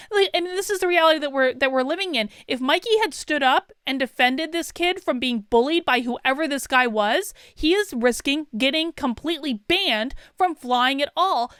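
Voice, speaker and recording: Woman commentator, 30s, fired-up and insistent, high clear voice, close dry sound. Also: a bit bright, dry recording. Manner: indignant, emphatic, repeats words for stress. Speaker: commentary vlogger. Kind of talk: opinion commentary reading a passenger account.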